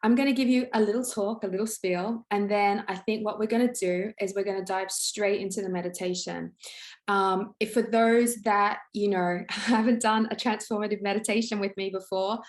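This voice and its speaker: A woman's voice: medium pitch, fairly even intonation, moderate pace. A woman energy healer welcoming people to a live online meditation, effusive, repeating her words, tagging on "right?" and laughing often. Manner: laughs often while talking.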